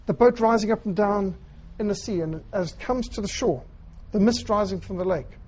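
A man preaching a sermon, retelling scripture in an earnest storytelling way with quiet, emphatic phrasing. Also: high-pitched, moderate pace, slightly rough, poor audio.

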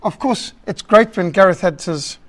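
A man teaching a church group about public speaking, emphatic and lively, listing his points and acting out rambling callers. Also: sits high, normal speed. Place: meeting hall.

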